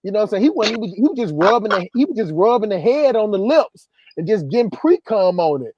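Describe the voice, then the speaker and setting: A man's voice: high-pitched, sing-song, fast talker, a little mellow, no echo, muffled recording. A man hosting a casual livestream, reading chat comments and telling stories in a loose, repetitive, laughing way. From southern US countryside. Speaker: livestream host.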